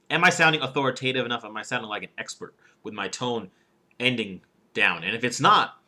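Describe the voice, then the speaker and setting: A man's voice: medium pitch, bright, forceful tone. A man giving a casual instructional talk on public speaking, acting out rising and falling intonation as he goes, with filler words between points. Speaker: professional speaker and speaking coach.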